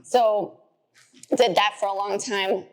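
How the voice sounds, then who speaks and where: A woman's voice: fairly even intonation, slow pace. Chatty young woman telling stories. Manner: chatty, says "like" often, acts out quotes in a high voice. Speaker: guest. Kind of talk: casual interview storytelling.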